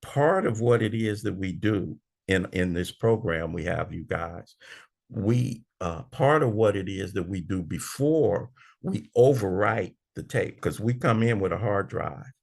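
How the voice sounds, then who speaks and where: Older man, sixties, gravelly low voice, animated preacherly recovery-meeting speaker acting out his own arguments. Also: unhurried. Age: 60s. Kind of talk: animated big book study talk.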